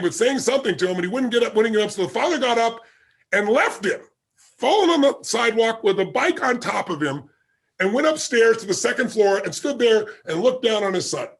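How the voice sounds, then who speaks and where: A man's voice: extremely high pitch, lively intonation, fairly quick, vocal fry, a bit bright, breathy edge. A man being interviewed as a guest, telling a story vividly and acting out the quoted dialogue. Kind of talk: animated anecdotal storytelling.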